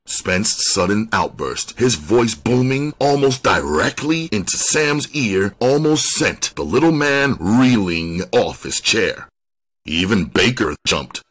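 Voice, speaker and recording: A man narrates a crime novel in a very deep, husky voice. He reads at an unhurried, deliberate pace, letting each line settle. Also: sing-song, fairly bright tone. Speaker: audiobook reader. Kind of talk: scripted narration.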